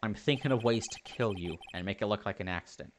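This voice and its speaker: A woman voicing a cool, haughty male prosecutor in a cold, measured, lowered voice. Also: sing-song, slight background noise.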